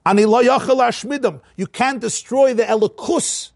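Man, rabbi, Torah class, high voice, animated storytelling, Hebrew and Yiddish quotes, dry sound. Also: moderate pace, no echo.

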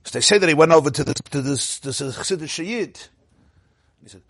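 A man giving a lively storytelling talk, laughing often and shouting out his punchlines, with Yiddish and Hebrew phrases mixed in. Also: medium pitch, brisk, slightly rough, no room sound. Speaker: Torah speaker.

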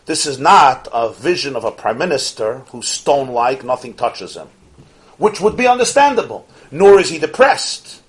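A man teaching a Torah class, animated, posing rhetorical questions and swinging from soft asides to emphatic peaks. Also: medium pitch, normal speed. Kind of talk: Torah lecture to an audience.

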